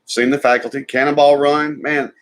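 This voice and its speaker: A man's voice: medium pitch, little pitch movement, normal speed. A man, co-hosting a live stream and chatting casually about movies while reading viewer comments.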